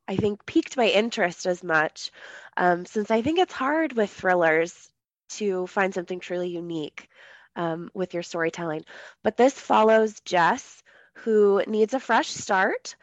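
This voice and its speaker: Co-hosting a book podcast, a woman chats casually about books with plenty of ums. Her medium-pitched voice is a little off today, and the audio is dull with no room sound.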